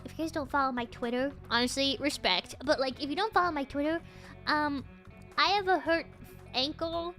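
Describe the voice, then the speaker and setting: A woman's voice: high voice, fairly bright tone. A young woman streaming a game, chatting with her viewers in a bubbly, giggly way and greeting them again and again. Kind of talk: live game stream chat.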